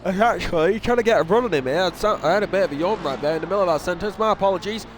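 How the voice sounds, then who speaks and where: A man's voice: high-pitched, very fast, slight background noise. A young man commentating a sim racing event live, casual and self-deprecating, often restarting his sentences. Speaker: race commentator.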